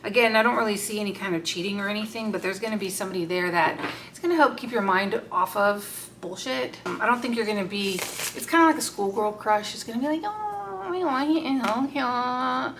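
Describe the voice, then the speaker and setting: A woman's voice: mid-range voice, fast, hardly any pauses, noisy background. A woman giving a casual, unscripted tarot reading, blunt and swearing freely as she talks to the cards aloud. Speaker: tarot card reader.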